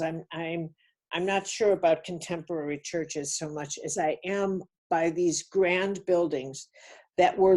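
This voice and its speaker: A woman telling a personal story on a webinar, earnest and halting, often restarting her sentences. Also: fairly low pitch, warm tone. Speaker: webinar speaker.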